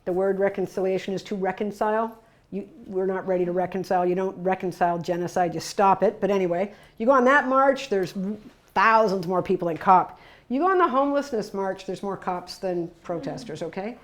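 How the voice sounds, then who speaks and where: A woman's voice: medium pitch, brisk. Emphatic woman giving a talk. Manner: emphatic, conversational, frequent tag questions; lively storytelling with sudden bursts of loudness. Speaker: workshop presenter. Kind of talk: presentation to workers.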